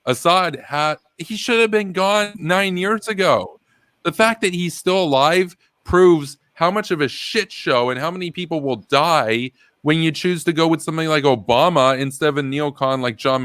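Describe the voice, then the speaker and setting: A man's voice: mid-range voice, a bit bright, clean tone, dry recording, clean studio sound. A man hosting a live political stream, talking casually and with animation, reading chat messages aloud and laughing often.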